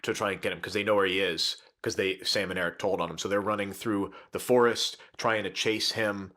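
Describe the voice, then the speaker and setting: A man's voice: fairly low pitch, fairly even intonation, brisk, sharp tone. A man on a podcast, casually retelling a novel's plot in a rambling way and laughing now and then.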